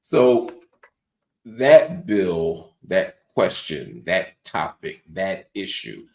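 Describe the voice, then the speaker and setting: A man's voice: deep voice, very slow, vocal fry. A middle-aged man hosting a talk show, chatting casually and reading viewer comments aloud. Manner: relaxed, conversational, reads viewer comments aloud. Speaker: show host.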